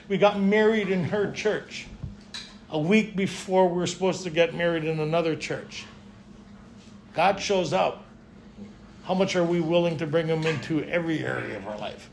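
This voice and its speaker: A middle-aged man speaking at a recovery retreat, telling his story in an animated way and acting out the dialogue. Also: fairly high pitch, moderate pace, slight background noise.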